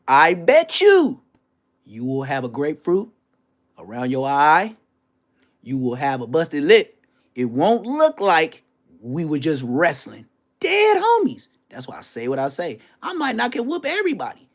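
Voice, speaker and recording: A man hosting a livestream, telling stories in a brash, profane way, dropping to hushed asides and then bursting out loudly. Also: on the high side, wildly swooping pitch, unhurried. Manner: brash, profane, swings between hushed asides and loud outbursts; storytelling with boasts and street slang. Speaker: livestream host. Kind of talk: casual profane livestream rant.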